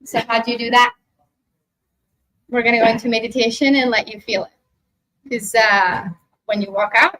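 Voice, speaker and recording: A high-pitched woman speaking to a live workshop group. She talks in an animated way, acts out what other people say and keeps asking "right?", then slows into a guided meditation. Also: rough recording. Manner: animated, acts out quoted voices, frequent "right?". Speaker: spiritual workshop presenter. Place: expo workshop room.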